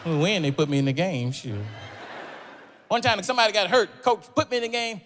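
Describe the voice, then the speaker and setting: A man doing stand-up comedy on stage, telling a story with animated, yelping jumps in his voice. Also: high voice, a little fast. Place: comedy stage before a live audience. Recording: live stage audio with crowd noise.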